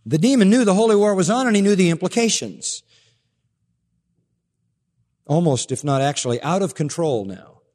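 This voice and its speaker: A male pastor preaching a sermon emphatically, with rhetorical questions and low, pointed stresses. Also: darkish tone. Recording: preached in a hall with long reverb.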